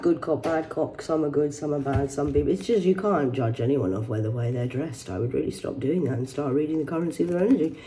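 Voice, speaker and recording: A woman's voice: sits low, animated, fairly quick, dark tone. A woman, reading news headlines aloud in a rambling vlog, swearing heavily and adding mocking asides. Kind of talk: rambling livestream commentary.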